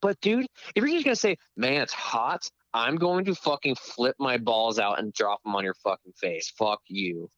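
A young man in casual chat, telling stories in a profane, animated way. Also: mid-range voice, normal speed, hardly any pauses, no echo. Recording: dull lo-fi dry sound.

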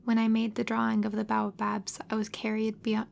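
A woman narrating a classic children's story in the first person, measured and gentle. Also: a little high, completely flat delivery, gravelly, slight background noise. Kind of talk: storybook reading.

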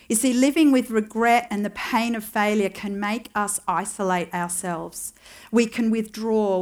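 A woman giving a sermon in a conversational, storytelling way, wondering aloud and adding wry asides. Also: mid-range voice. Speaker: preacher.

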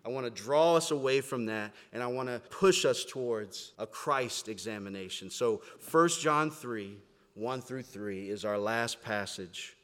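A man preaching a sermon, moving between quiet, reflective stretches and loud, emphatic declarations. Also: mid-range voice, measured pace, long reverb tail. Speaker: pastor. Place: church sanctuary, standing before a congregation.

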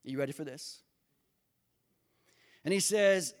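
A male pastor preaching a sermon, speaking directly to his congregation and building to impassioned, near-shouted emphasis. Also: on the high side, unhurried, long pauses. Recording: long hall reverb.

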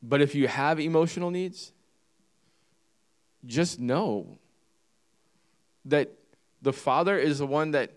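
A male pastor preaching a sermon, reading scripture and driving points home with repetition and questions to the congregation. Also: on the high side. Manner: emphatic, repeats key phrases and asks the congregation questions.

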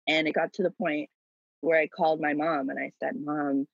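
A young woman telling a personal story in an animated, dramatic way, laughing often. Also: deep voice, fairly quick, creaky, slightly rough, dry recording, muffled recording. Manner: lively, laughing, dramatic retelling.

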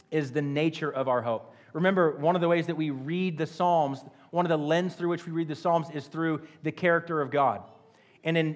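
A man preaching a sermon in an earnest, conversational way, often repeating himself as he finds the words. His voice sits a little high for a man. A long reverb trails every line, as in a large church hall. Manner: earnest, repeats and restarts phrases. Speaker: pastor.

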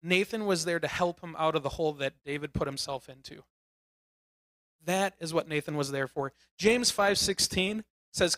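A man preaching a casual sermon, retelling the story in an animated way with emphatic bursts. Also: on the high side, no echo.

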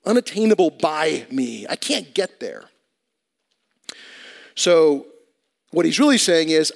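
A man, talking to the congregation like he's chatting with them. He jumps from loud, pleading lines to hushed, low asides. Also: sing-song, slow, gravelly, long pauses. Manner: conversational preaching with dramatic swings in volume and pitch. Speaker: pastor. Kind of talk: sermon.

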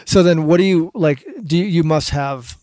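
A man hosting a casual interview, asking short questions and giving quick encouraging replies. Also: a little high, a little mellow, no room sound, studio quality. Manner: brief encouraging backchannels and questions. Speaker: podcast host.

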